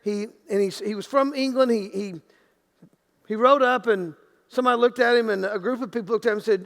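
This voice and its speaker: A male pastor with a very high, gravelly voice delivers a sermon in a church sanctuary. He preaches conversationally, restarting his sentences often and acting out little quotes. His voice rings with the long reverb of a big hall. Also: a little fast, fairly bright tone.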